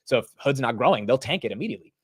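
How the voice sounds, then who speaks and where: A young man talks through a live market stream in a loose, chatty way, answering the chat between ticker updates. His voice sits at an ordinary middle pitch and sounds dry and close, with no room around it. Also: animated, slightly rough, no echo. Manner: chatty, quick asides to the chat, says "bro" and "dude". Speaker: livestream market commentator. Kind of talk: casual live market commentary.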